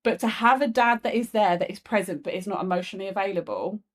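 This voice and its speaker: A woman's voice: medium pitch, quick pace. A woman guest, a comedian, talking frankly and reflectively in a candid conversation, swearing freely.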